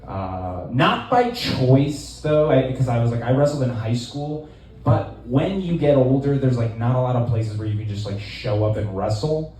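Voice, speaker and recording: A man in his twenties doing a stand-up set in a small club, deadpan and rambling, with lots of fillers. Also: medium pitch, moderate pace, heavy reverb, far from the mic, a little hiss or hum, low-quality recording. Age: 20s. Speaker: stand-up comedian.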